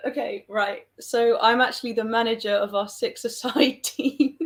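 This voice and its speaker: A woman's voice: on the high side, fairly even intonation, moderate pace. A young woman from England with a southern English accent, rambling casually on a livestream, joking at her own expense and reading out comments from viewers. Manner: chatty, rambling, self-deprecating, reads out viewer comments. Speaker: livestream host.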